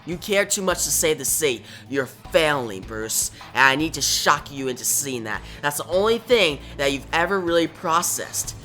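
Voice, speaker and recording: A woman's voice: sits low, moderate pace, few pauses, faint music behind, voice pushed down. A woman reading as a cold, superior swordsman. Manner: flat, lecturing, superior. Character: cold, self-righteous male swordsman vigilante.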